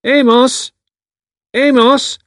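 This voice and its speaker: A man's voice: medium pitch, very animated, normal speed, darkish tone, breathy edge, no echo, clean studio sound, voice pushed up. A man reading aloud, voicing a friendly, rambling housewife who lives in a lonely country house. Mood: calling out. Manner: rambling, homely talk. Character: friendly, chatty country housewife, a little odd.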